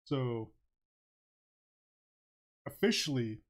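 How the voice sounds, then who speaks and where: A man's voice: mid-range voice, lively intonation, very slow. A man streaming while he draws, chatting casually and rambling between many fillers, chuckling often. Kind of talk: casual livestream chat while drawing.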